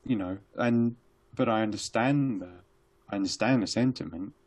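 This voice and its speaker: A man's voice: fairly low pitch, moderate pace, darkish tone. A man speaking as a podcast guest, hesitant, with many restarts and fillers. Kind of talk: conversational podcast interview.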